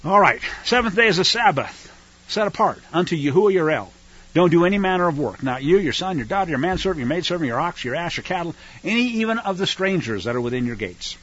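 Male radio Bible teacher, bright and husky, folksy with sarcastic asides, lo-fi radio sound. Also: on the high side, lively intonation, fast. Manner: folksy, sarcastic asides between scripture readings. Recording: dull lo-fi radio broadcast.

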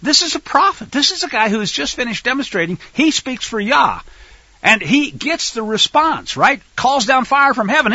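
An animated male preacher teaching through a scripture passage, his voice leaping wildly up and down in pitch. The tone is bright yet husky, heard dry and close on a slightly dull, lo-fi recording. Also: no room sound. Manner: animated and emphatic, swinging from loud stresses to near-murmurs. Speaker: Bible teacher. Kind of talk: teaching sermon with scripture reading.

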